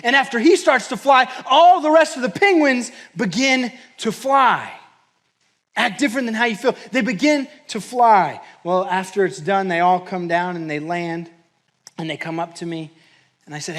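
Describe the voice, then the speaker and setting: A man with a fairly high voice leads a mental performance workshop. He tells a story with a lot of energy and puts on the voices of the people in it. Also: moderate pace. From New Mexico, US. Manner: animated storytelling with quoted voices. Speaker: mental performance coach and pastor. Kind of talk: workshop talk. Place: church hall, live audience.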